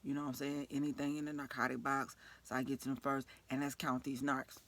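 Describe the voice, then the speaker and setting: A woman with a New York accent, a nurse telling an animated, profane story from work with frequent laughter. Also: a bass voice, fast talker, a little hiss or hum. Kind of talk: storytime vlog.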